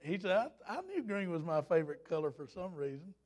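Fervent high-voiced preacher man. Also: very animated, a little fast. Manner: fervent, folksy, rising to shouts. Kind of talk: revival sermon.

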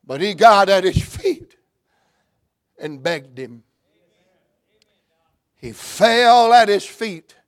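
A man preaching a sermon, fervent and rhythmic, rising into shouts and chanted runs of phrases. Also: high voice, animated, very slow, long pauses.

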